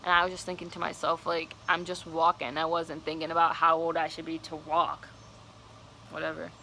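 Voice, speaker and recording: A woman's voice: low voice, completely flat delivery, brisk, gravelly, pushed and bright, a little hiss or hum, low-quality recording. A young woman telling a personal story on her vlog, casual, candid and cursing freely. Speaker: vlogger.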